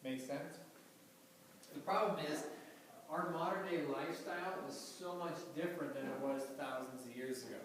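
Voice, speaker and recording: A man's voice: on the high side, moderate pace. A man, a doctor, gives an informal health lecture to a live audience, talking casually with many fillers and questions to the listeners. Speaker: doctor giving a health talk. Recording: very echoey room, mic far off, faint background hum.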